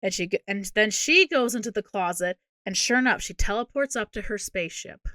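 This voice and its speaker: A woman co-hosting a movie podcast, recounting a film's plot in casual, exasperated, animated chat with plenty of swearing. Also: mid-range voice, fairly quick, no room sound, studio quality. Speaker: podcast co-host.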